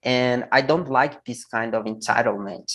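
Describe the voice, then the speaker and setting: A man's voice: mid-range voice, moderate pace, rough recording. A man from Brazil speaking English with a Brazilian Portuguese accent, an English teacher giving blunt, opinionated views in a casual conversation. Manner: blunt, opinionated, animated when making a point.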